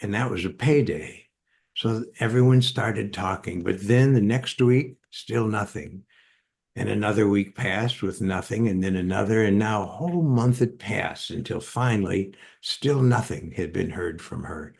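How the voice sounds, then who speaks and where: A man's voice: fairly low pitch, measured pace, vocal fry, a little mellow. An older man, a psychotherapist, telling stories in an interview with many fillers and restarts. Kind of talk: anecdotal storytelling in an interview.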